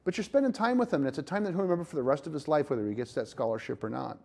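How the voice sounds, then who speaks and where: A man's voice: on the high side, lively intonation, racing, vocal fry, a little mellow. A middle-aged man hosting a talk show, giving earnest, folksy parenting advice with frequent restarts.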